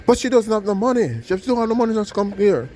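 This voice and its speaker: A poor elderly woman pleads in a raised, strained voice, insisting she has nothing to pay with. A man puts her on while telling a street story, lifting his voice high above his normal pitch. The delivery is plain and heartfelt rather than theatrical. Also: big pitch swings, quick pace, mellow, slight background noise. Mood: pleading.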